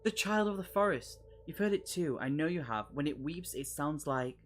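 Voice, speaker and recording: A man voicing a calm, eerie male camper in a dark forest, his small voice trailing off at the ends of lines. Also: a little high, moderate pace, soft background music, pitched above the performer's own voice, close to an everyday voice. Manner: small voice that falls eerily. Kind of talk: gamebook read-aloud.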